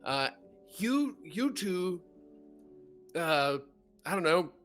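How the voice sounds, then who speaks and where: A man playing a tabletop game, casually joking and swearing in halting speech. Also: sits high, sing-song, a bit bright, faint music behind. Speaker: player.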